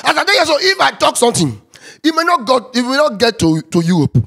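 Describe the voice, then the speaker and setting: A man speaking Nigerian Pidgin English, ranting as a football fan in a sing-song, excitable way that swings from loud to muttering. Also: very high-pitched, fast, vocal fry, breathy edge. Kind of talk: animated sports rant.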